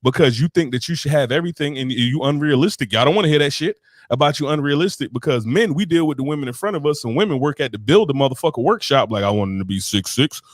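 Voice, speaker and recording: A man's voice: on the high side, expressive, fast talker, no echo, studio quality. A man hosting a podcast, ranting in casual, profane chat. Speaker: podcast host.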